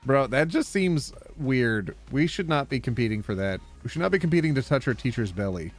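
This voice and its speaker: A man's voice: mid-range voice, lively intonation, brisk, faint music behind. A man from Canada playing a game on stream, reading its text aloud in a playful, joking way. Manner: playful, joking, laughs often. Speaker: gaming streamer.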